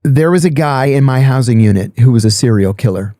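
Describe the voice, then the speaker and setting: Middle-aged guy spinning stories on a podcast, mellow dark voice, dry close sound. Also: mid-range voice, fairly quick, no room sound. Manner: animated storyteller, acts out quoted voices. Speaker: podcast host telling prison stories. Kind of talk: casual storytelling chat.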